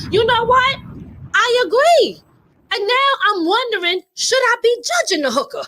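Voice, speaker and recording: A woman co-hosting a casual podcast, her voice sitting high. She talks to her viewers directly in an animated, playful way and keeps breaking into laughter. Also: moderate pace. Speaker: co-host of a podcast. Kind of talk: casual chat to a live audience.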